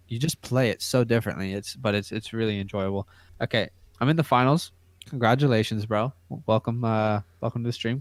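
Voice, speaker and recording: A man's voice: medium pitch, dry recording. Brief: American male co-host, chatty, reads viewer questions, dry close mic. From United States. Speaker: podcast co-host. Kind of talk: casual live-stream chat.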